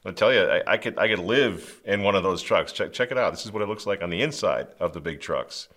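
A man's voice: low-pitched, lively intonation, fairly quick, a bit bright. Guy ranting on his commentary show, preachy and emphatic, keeps repeating himself. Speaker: commentary host. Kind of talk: fervent political commentary.

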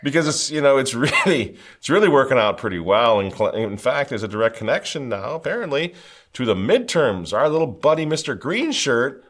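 A man's voice: medium pitch, sing-song, brisk, a bit bright. A man hosting a political commentary show, fiery and sarcastic, with mocking chuckles.

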